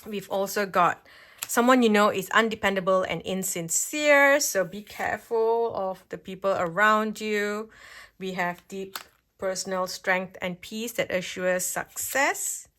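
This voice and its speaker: A woman's voice: medium pitch, unhurried, fairly bright tone, a little hiss or hum. A woman giving a pick-a-card tarot reading at home, chatty and reassuring, often checking in with "okay?". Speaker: tarot reader. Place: home, at a table with cards.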